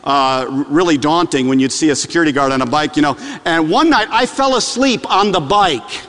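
A middle-aged man preaching a sermon, telling stories with animated delivery and repeating lines for emphasis. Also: on the high side, a little fast, slight background noise. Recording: long hall reverb.

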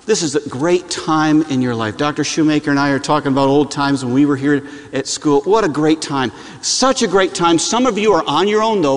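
A middle-aged man preaching a sermon, telling stories with animated delivery and repeating lines for emphasis. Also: fairly high pitch. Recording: long hall reverb.

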